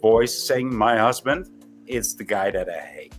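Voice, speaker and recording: A man as a panel guest in a casual chat, rambling and crude, with halting restarts. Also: on the low side, lively intonation, soft background music.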